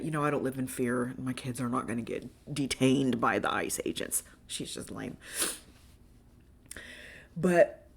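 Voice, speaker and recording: A woman's voice: extremely low pitch, a bit bright. A woman hosting a personal monologue podcast, talking candidly in a rambling way and swearing freely. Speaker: podcast host.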